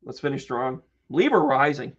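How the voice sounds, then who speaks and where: A man's voice: medium pitch, expressive, moderate pace, highs cut off. A man doing a live-streamed tarot reading as its host, exclamatory and joking, swearing freely and greeting viewers by name. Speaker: tarot reader and medium.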